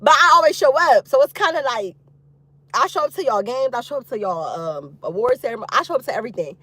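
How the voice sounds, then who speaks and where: A woman vlogger chatting casually with her viewers from outside a youth football practice. She is expressive and loose, with frequent laughter. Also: on the high side, fast, slightly rough, no room sound. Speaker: single mom vlogger talking to viewers. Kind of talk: casual chat.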